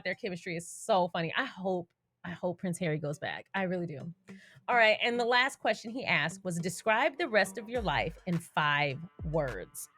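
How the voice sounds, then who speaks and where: A woman's voice: fairly high pitch, a bit bright. A young adult woman hosting a casual commentary vlog, chatty, with slangy asides and frequent laughter. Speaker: YouTube commentary host.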